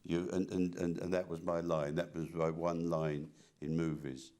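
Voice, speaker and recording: An older man with a very low, deep voice talks through his memories in a relaxed interview. He stumbles and restarts often and repeats words as he goes. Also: moderate pace. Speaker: interviewee, artist. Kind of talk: casual reminiscing conversation.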